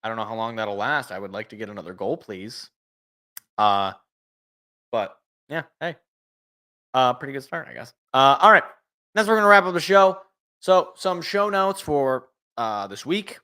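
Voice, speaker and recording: A man's voice: medium pitch, animated, normal speed, pauses often, pushed and bright. A man hosting a sports talk show, opinionated and rattling off game picks, his voice worn after a long show. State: tired, voice worn. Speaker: sports podcast host.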